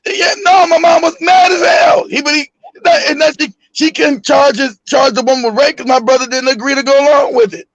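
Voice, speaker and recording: A man telling a story in casual chat, animated and swearing often, acting out the voices in his story and shouting the quotes. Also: very high-pitched, brisk, no echo, muffled recording. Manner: swears freely, laughs often.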